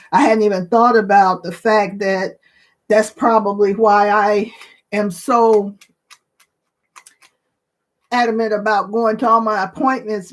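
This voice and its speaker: A woman in her sixties hosting her own channel, chatting casually and emotionally to viewers with many pauses and fillers. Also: mid-range voice. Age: 60s. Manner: slow, emotional, tearful at times, with pauses and fillers. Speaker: channel host.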